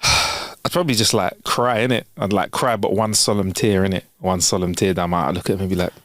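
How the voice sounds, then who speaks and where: A man's voice: deep voice, fairly even intonation, a little fast, fairly bright tone, dry recording, studio quality. A young man with a London accent, co-hosting a podcast, telling stories animatedly and swearing freely. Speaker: podcast co-host. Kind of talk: casual chat, anecdote telling.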